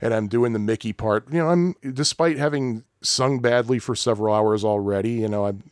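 Speaking briskly in a low register, this man spins a long, rambling story in casual conversation, laughing frequently and performing what people said. The clean studio recording has no room sound.

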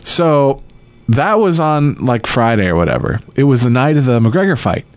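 Man, casual chat, swears freely, acts out quotes, lively swinging pitch, dry close sound. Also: normal speed, no room sound. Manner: profane storytelling with acted quotes.

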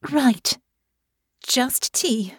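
A woman voicing an anxious young noblewoman who speaks in a high, plaintive, fretful tone in an audiobook. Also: expressive, extremely slow, slightly rough, no room sound, clean studio sound, exaggerated voice. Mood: nervous.

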